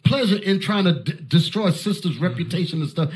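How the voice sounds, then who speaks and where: A fiery male preacher with a high-pitched voice, driving his Bible teaching with force and sudden shouts. He barks short commands between points. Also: fairly quick.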